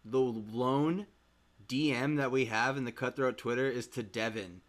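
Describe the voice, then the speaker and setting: A man co-hosting a podcast in casual chat, excitable and teasing, often laughing. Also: mid-range voice, measured pace, a loud crowd. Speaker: podcast co-host.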